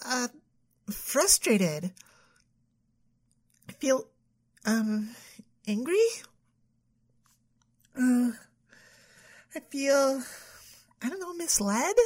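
A woman's voice: sits high, exaggerated voice. A woman playing a self-absorbed young woman who vents to her therapist, whiny and furious, sighing a lot and filling her talk with "like". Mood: sulky. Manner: whiny, full of sighs and "like" fillers. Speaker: patient venting to a therapist.

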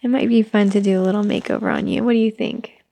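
A woman playing a gentle, patient young mother who softly coaxes her toddler, in a whispered role-play. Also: medium pitch, fairly even intonation, fast talker, vocal fry, no echo. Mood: soothing. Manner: soft, coaxing, motherly.

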